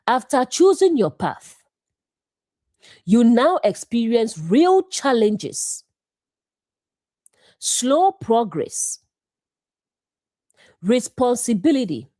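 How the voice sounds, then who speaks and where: A woman delivers a scripted devotional Bible lesson in short, deliberate phrases. Her pace is unhurried and her voice is mellow, while her pitch moves with lively rises and falls. The sound is close and dry. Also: no room sound. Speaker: bible teacher.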